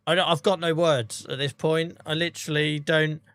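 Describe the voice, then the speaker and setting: A man chatting on a live gameplay stream, excitable and grateful as he thanks his viewers. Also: a little high, normal speed, hardly any pauses, clear, resonant tone, no echo. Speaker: livestreamer. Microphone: streaming microphone.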